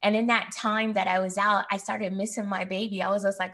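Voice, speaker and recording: A woman in her forties with a gravelly, fry-laced voice shares a personal memory candidly. Her telling is reflective and unguarded, as a co-host in casual conversation. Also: mid-range voice, fairly even intonation, normal speed, hardly any pauses, pushed and bright, poor audio. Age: 40s. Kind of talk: personal storytelling in casual chat.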